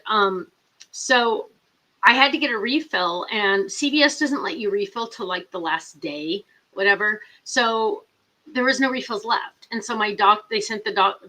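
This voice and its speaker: A woman's voice: medium pitch, unhurried, sharp tone, poor audio. A middle-aged woman hosting a casual live chat, rambling and reading viewer comments aloud. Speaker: host.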